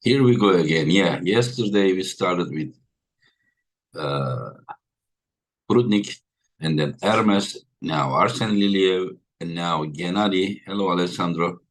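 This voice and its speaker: A man's voice: low-pitched, slow pace. A tired man hosting a livestream in casual chat, greeting his viewers by name one after another. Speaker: livestream host.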